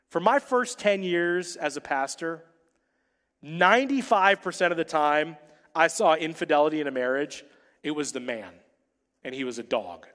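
A man in his forties preaches a sermon with punchy lines and wry joking asides, often dropping suddenly soft for effect. His voice sits a little high for a man. Long reverb from the church sanctuary trails behind every line. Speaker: pastor.

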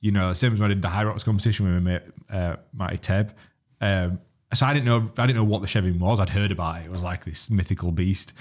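A man's voice: sits low, steady tone. A young man with a Yorkshire accent co-hosting a podcast, telling a story in casual chat, swearing and laughing as he goes. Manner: rapid, swearing, laughs while telling stories. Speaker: podcast co-host.

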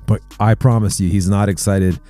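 A man's voice: on the low side, steady tone, moderate pace, dark tone, faint music behind. A man hosting a casual Christian men's talk, telling stories in an earnest, chatty way. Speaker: host.

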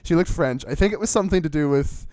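A man's voice: fairly high pitch, fast talker, a little mellow, dry recording. A man co-hosting a podcast in casual chat, who talks in a hesitant way, often restarting his sentences and laughing. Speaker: podcast co-host.

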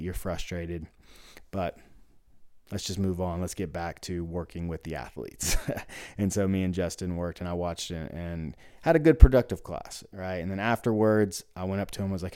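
A man with a fairly low, warm, relaxed voice tells a story from his gym in a loose, rambling way. He leans on "like" constantly and slips into quoting what everyone said. The recording is dry, with no room sound. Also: no echo. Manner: rambling, frequent "like" fillers, acts out quoted dialogue. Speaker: gym owner and coach. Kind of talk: casual storytelling monologue.

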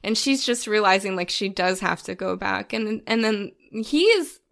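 Gushing woman with a gravelly voice. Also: medium pitch, normal speed, fairly bright tone. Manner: gushing, emotional, many fillers and restarts. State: tearful, crying at times. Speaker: podcast co-host. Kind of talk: casual film discussion.

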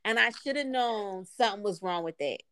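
A woman in her thirties co-hosting a podcast, telling stories in lively casual chat and laughing often. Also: medium pitch, fairly quick, clear, resonant tone, no room sound, studio quality. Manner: animated storytelling, laughs often, slangy. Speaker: podcast co-host.

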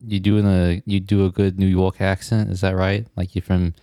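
A man's voice: low voice, level tone, moderate pace, warm tone, smooth. Young male podcast co-host, jokey, slips into bits. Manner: joking, jumps into silly voices. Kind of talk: casual chat.

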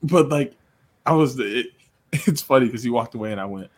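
A young man, a podcast co-host and coach, telling a story in casual chat, animated and laughing, full of filler words. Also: medium pitch, brisk.

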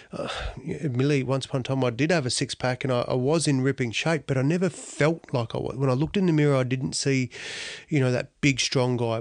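A man's voice: medium pitch, dry recording. A middle-aged Australian man, an athlete being interviewed, telling stories in a blunt, salty way with laughs. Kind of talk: storytelling interview answer.

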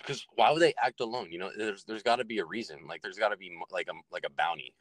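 A man's voice: fairly low pitch, quick pace, no room sound. A young man co-hosting a casual podcast, talking in a loose way full of fillers. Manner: filler-heavy, says like and you know a lot. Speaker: podcast co-host. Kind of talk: casual chat.

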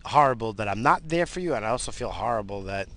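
A man's voice: lowish voice, animated, fast, sharp tone. A tired man hosting his own show, talking in a casual, rambling way with many restarts and fillers while driving. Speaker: podcast host. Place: in a car, driving.

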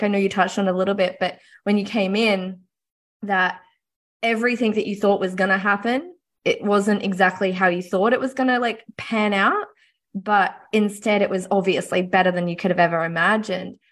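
A woman hosting a mentoring podcast, reflecting and affirming her guest in relaxed, chatty conversation. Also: mid-range voice, normal speed. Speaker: podcast host. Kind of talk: conversational interview.

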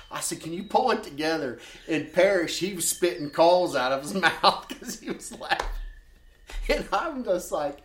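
A man who is a podcast guest, telling a funny hunting story in an animated way and breaking into laughter. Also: fairly high pitch, a little slow. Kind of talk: casual storytelling chat. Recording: roomy with faint noise.

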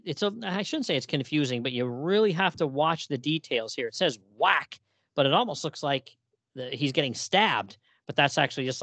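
A man casually recapping a comic story on a podcast. He laughs often and reads the characters' lines in quick put-on voices. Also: mid-range voice, fairly bright tone, no echo. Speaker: podcast co-host.

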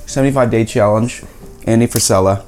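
A man's voice: mid-range voice, brisk, a little mellow. A man chatting as a podcast guest, cracking jokes and chewing while he talks. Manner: jokey, eating while talking. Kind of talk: casual chat.

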